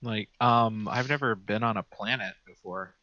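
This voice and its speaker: A man's voice: on the low side, moderate pace, sharp tone, dry recording, muffled recording. A man playing a tabletop game, speaking hesitantly and casually as his character. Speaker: player.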